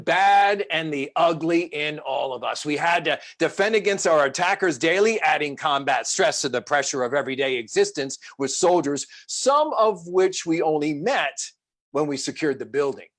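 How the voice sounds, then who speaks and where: Animated middle-aged man, storytelling speaker, rather high voice. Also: normal speed. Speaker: motivational speaker. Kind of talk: storytelling talk.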